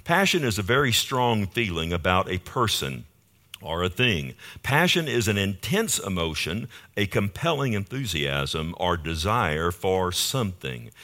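A man's voice: deep voice, big pitch swings, measured pace, pushed and bright. A man preaching a sermon in a church, emphatic and punctuating points with "amen?" asides to the congregation. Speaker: pastor. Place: church in Fort Worth.

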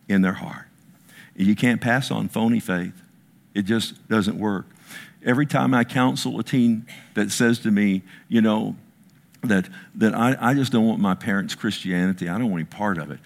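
A middle-aged man preaching a sermon, telling a personal story with emotion and stumbling restarts. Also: on the low side. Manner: storytelling, emotional, repeats words. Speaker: pastor.

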